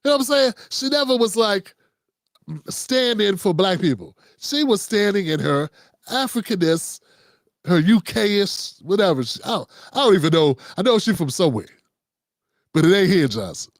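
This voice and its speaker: A man's voice: high voice, lively intonation, normal speed, dry recording, clean studio sound. A man hosting unscripted political commentary, talking casually and riffing, slipping into quoted voices.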